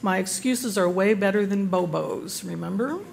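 A woman's voice: medium pitch, moderate pace, gravelly, a little mellow. An older woman teaching a Bible study group, giving a devotional talk with self-deprecating humor.

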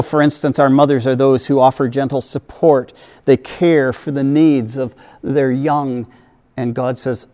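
A man delivers a sermon with gentle earnestness, often dropping to a soft, tender hush. His tone is mellow and dark rather than bright. A long reverb trails his words, as in a large sanctuary. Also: mid-range voice. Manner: gentle, earnest preaching with soft dips and lively acted quotes. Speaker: pastor.

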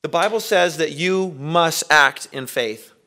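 A man preaching a sermon, earnest, asking rhetorical questions and swinging between loud emphasis and quiet. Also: a little high, unhurried. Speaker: pastor.

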